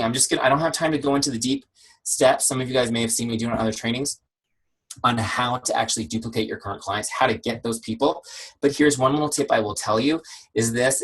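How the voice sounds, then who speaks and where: Husky-voiced man coaching a sales team. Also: mid-range voice, rough recording. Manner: energetic, conversational, many rhetorical questions. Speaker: network marketing trainer. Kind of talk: team training call. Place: home office shed. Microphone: video call.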